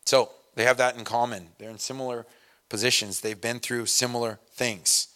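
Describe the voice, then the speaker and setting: A man's voice: medium pitch, steady tone, moderate pace, pushed and bright. Man preaching a casual, storytelling sermon. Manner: conversational, self-deprecating, storytelling with laughs. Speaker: pastor.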